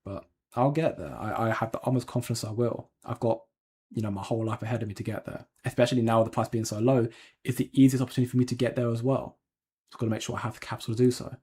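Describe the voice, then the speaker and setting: A man's voice: mid-range voice, steady tone, fast, mellow, slightly rough. A man hosting a crypto livestream, chatting casually and answering viewer comments with lots of ums and restarts. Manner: rambling, hedging, frequent ums and restarts. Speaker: crypto channel host.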